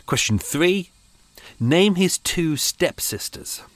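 A man's voice: fairly high pitch, animated, slow, no room sound. A man hosting a podcast, chatting casually and rambling with self-mocking asides, recorded at home on a boat. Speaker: podcast host. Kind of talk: casual chat to listeners. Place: small home room on a boat.

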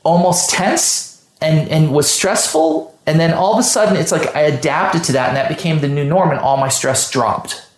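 A man's voice: on the high side, normal speed. A man in casual conversation, talking bluntly and with a lot of swearing, stopping and restarting his sentences as he works through his points. He sounds like a manager describing how he handles his staff. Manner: blunt and profane, many restarts. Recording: roomy echo.

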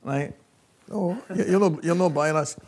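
Laughing Scottish former coach telling stories. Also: male voice, fairly high pitch, normal speed. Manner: lively storyteller, laughs often, says "right?" constantly. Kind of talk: anecdotal interview chat.

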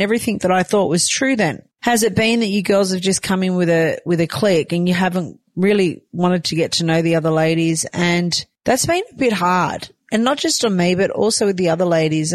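A woman's voice: lowish voice, no room sound. A woman with an Australian accent, a reality show cast member talking candidly and emphatically in a confessional, with casual swearing.

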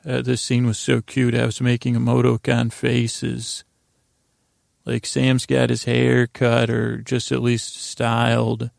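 A man's voice: mid-range voice, monotone, takes it slowly, gravelly, no echo, clean studio sound. A man hosting a podcast, casually recapping a TV episode in a rambling, conversational way. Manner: rambling, conversational, often restarting and retelling scenes. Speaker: podcast host.

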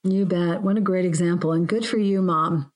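A woman's voice: lowish voice, steady tone, normal speed, darkish tone. A woman speaking as a guest coach who explains her ideas in a reflective, earnest way during a casual podcast chat.

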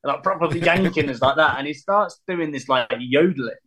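A man, a musician guest telling lively anecdotes and laughing as he acts out quotes. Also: on the high side, fairly quick, slightly rough. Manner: animated, laughing storyteller who acts out quotes.

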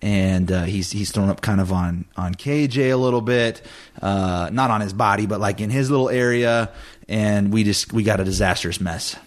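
A man with a lowish voice co-hosts in an easygoing, laid-back way. He chimes in with short agreeing replies and tells his side of the story. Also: moderate pace. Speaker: podcast co-host and parent. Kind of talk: casual chat.

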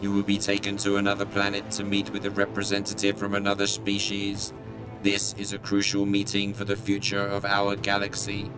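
Brief: a man playing a stiff alien with formal, measured lines. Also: on the low side, completely flat delivery, music in the background, voice pushed down, lightly acted, poor audio. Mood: solemn. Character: stiff, solemn alien captor.

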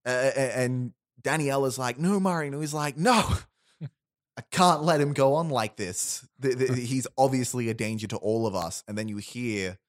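In a dry, clean studio recording, a man with a medium-pitched voice speaks at a moderate pace, pitching an invented film plot to friends. The casual chat rambles, with restarts and quoted character lines.

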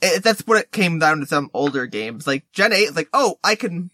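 A man's voice: a little high, big pitch swings, normal speed, bright, forceful tone, dry recording, clean studio sound. A man co-hosting a casual gaming podcast, rambling and filling his talk with "like". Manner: rambling, full of "like" fillers. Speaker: podcast co-host.

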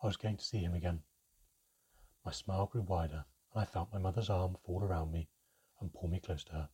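A man reading a fantasy storybook aloud in first person, with a steady, measured delivery. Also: sits low, slightly rough. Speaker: audiobook narrator.

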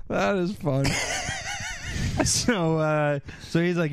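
A man's voice: a little high, slow pace, long pauses, slight background noise. A man chatting casually on a podcast, retelling an episode with frequent laughter and acted-out lines. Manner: giggly, rambling storyteller acting out characters' lines. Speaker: podcast co-host recapping a TV episode. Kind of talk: casual chat.

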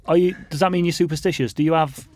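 A man's voice: fairly high pitch, steady tone, fast, a little mellow, no echo. A man hosting a podcast, asking curious questions in a casual interview. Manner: curious questioning with brief prompts. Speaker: podcast host.

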